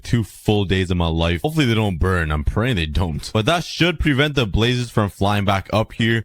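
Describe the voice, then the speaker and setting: A man's voice: medium pitch, dry recording. A young man giving casual, self-deprecating gameplay commentary and joking with his viewers. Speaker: gaming YouTuber.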